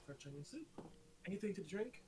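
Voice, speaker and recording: A man voicing a polite male restaurant waiter with brisk, courteous service talk. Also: sits high, very animated, warm tone, soft background music, pitched above the performer's own voice.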